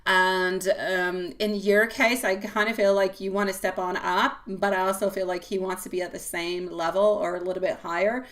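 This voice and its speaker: A woman hosting a live tarot reading, talking casually and warmly to viewers and calling them sweetie pie, with many fillers and frequent laughs. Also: medium pitch, steady tone, moderate pace, few pauses. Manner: chatty and affectionate, calls viewers sweetie pie; laughs often, loose rambling talk with fillers.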